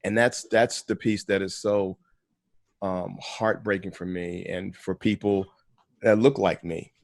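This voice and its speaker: Man, pastor, low voice, dry room, measured, emphatic. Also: fairly even intonation, dry recording. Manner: measured, emphatic, repeats words. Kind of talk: earnest conversation.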